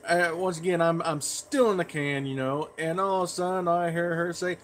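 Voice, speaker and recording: Folksy rambling man, slightly high voice. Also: steady tone, normal speed, hardly any pauses, a bit bright, a little hiss or hum. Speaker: pipe tobacco vlogger. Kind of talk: casual rambling vlog.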